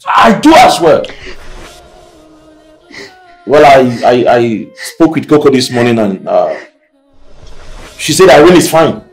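A steady, soothing doctor uncle with a Nigerian accent, coaxing and patient. His voice is slightly husky and moves a lot in pitch. He stops and restarts his words often. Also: slow pace, long pauses, faint music behind, heavily acted. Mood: defensive. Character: calm reassuring middle-aged male doctor uncle. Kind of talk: film drama acting.

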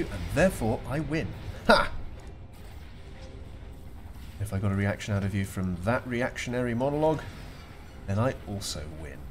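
A man commentating a strategy game replay, chatty and joking with playful asides. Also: medium pitch.

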